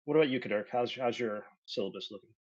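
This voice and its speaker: A man's voice: medium pitch, quick pace, darkish tone. A man playing a tabletop game, speaking in character with jokes and stammering. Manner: joking, stammering. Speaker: player. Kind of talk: in-character tabletop role-play. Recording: dull lo-fi mic.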